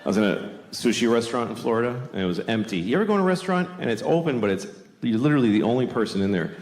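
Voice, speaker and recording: A middle-aged man races through a stand-up set in a mid-range voice, blunt, crude and self-deprecating. He's animated, acting out scenes with put-on voices on a large theater stage before a live audience, and the hall is echoey with audience noise.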